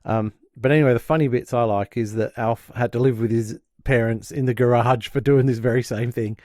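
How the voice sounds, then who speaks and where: A man's voice: medium pitch, fairly even intonation, brisk, a little mellow, no room sound, clean studio sound. A man co-hosting a podcast, chattily recapping a sitcom episode and acting out the quotes. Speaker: podcast co-host.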